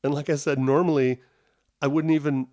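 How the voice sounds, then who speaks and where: A man's voice: a little high, level tone, fairly quick, a little mellow. A middle-aged man hosting a solo podcast from home, telling a story in a rambling, self-interrupting, wry and self-mocking way. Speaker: podcast host.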